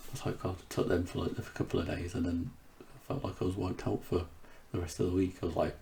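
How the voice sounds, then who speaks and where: A man being interviewed, talking candidly and haltingly with many restarts. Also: low-pitched, flat delivery, vocal fry, warm tone, a little hiss or hum. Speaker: interview guest. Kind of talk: candid conversation.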